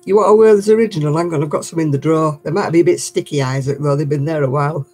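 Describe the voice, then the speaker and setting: A woman's voice: low-pitched, very fast, a little mellow, slightly rough. An older woman, a great-grandmother, chatting casually and laughing often as she reads viewer comments on her crafting livestream.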